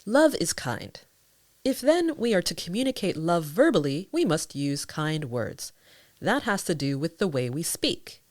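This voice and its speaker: A woman's voice: on the low side, a bit bright, no echo. A woman hosting a podcast in casual chat, who laughs often and talks with animation. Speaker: podcast host.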